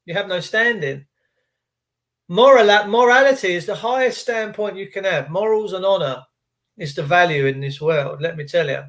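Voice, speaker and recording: High-pitched British man ranting. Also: normal speed, a bit bright. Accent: British English. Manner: heated, emphatic and repetitive. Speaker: host. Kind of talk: monologue rant to camera.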